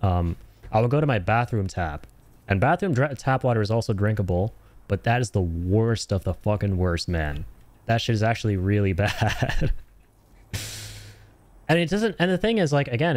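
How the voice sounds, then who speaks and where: A man's voice: on the low side, animated, moderate pace, a little mellow, no room sound. A young Canadian man with a Canadian accent, streaming a game and chatting casually with viewers, swearing freely. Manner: laid-back, swears, chats with viewers. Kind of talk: casual gaming stream chat.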